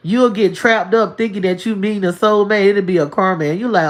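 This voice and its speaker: A woman's voice: mid-range voice, brisk, few pauses. A woman on a livestream giving spiritual life advice in a casual, emphatic, preachy way, full of folksy asides. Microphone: single mic on a livestream.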